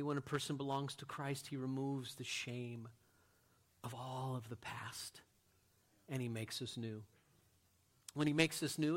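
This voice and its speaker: A man preaching a sermon as a pastor, earnest, moving from loud emphatic lines to quiet, hushed ones. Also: medium pitch.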